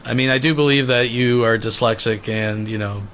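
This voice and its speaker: A man's voice: medium pitch, fairly even intonation, normal speed, fairly bright tone, a little hiss or hum. A man hosting a channel, delivering a scornful, profane commentary rant. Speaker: channel host.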